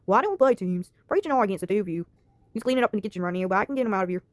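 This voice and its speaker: A woman voicing a middle-aged male bar owner, gruff but easygoing, in a story game. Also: medium pitch, animated, very fast, dry recording, natural voice.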